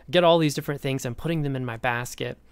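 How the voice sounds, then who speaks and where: An American man giving a recorded lecture, telling a story from his own life in an animated way. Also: medium pitch, fast, clean tone, no echo. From United States. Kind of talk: recorded lecture with a personal anecdote.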